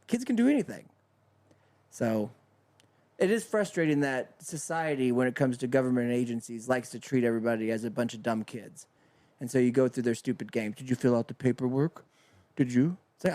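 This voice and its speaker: A man's voice: mid-range voice, warm tone. A man co-hosting a casual talk show, ranting heatedly and profanely. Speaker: podcast co-host. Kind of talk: casual comedic rant.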